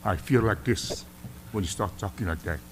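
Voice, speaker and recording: A man's voice: fairly low pitch, normal speed, a little hiss or hum. A middle-aged man with a Samoan accent, a senator sternly scolding an official during a hearing in a legislative chamber. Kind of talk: formal hearing address.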